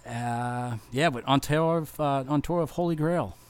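Young male metal bassist from Massachusetts, casual, swears constantly, rambling and sincere. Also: unhurried, clear, resonant tone. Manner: profane, rambling, heartfelt, lots of fillers. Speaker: touring metal bass player. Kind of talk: casual vlog thank-you message.

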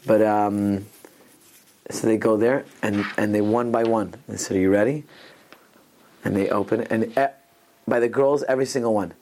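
A man's voice: on the low side, fairly even intonation, normal speed, darkish tone. A man teaching an informal Torah class to students, telling rambling stories sprinkled with Hebrew and Yiddish terms, often restarting his sentences. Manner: frequent restarts and asides.

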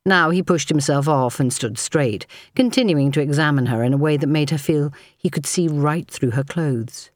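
A woman's voice: low voice, moderate pace, hardly any pauses, no room sound. Dry, close woman narrating an audiobook.

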